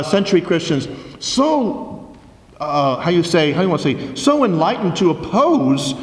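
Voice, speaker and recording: A man preaching a forceful homily as a priest, full of rhetorical questions. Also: high-pitched. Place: large church. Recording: echoey church from a distance.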